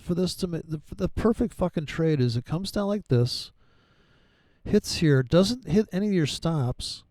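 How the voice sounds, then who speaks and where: A man's voice: a little high, animated, measured pace, warm tone, dry recording. A man giving casual trading commentary over his charts, rambling and profane, with sarcastic asides. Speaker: forex trading educator.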